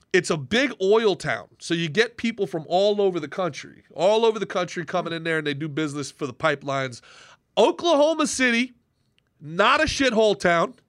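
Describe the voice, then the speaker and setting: A man's voice: sits high, a bit bright, dry recording, clean studio sound. A man hosting a podcast and chatting casually, rambling with restarts before landing emphatic lines. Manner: rambling, hesitant, with many restarts, then emphatic. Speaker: podcast host.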